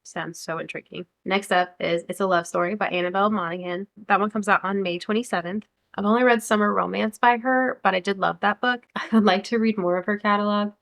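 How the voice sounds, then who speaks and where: This medium-pitched, fairly bright female voice comes a little fast, with fairly even intonation and some vocal fry. She's a young American book vlogger, eagerly and chattily discussing upcoming releases and occasionally reading out blurbs.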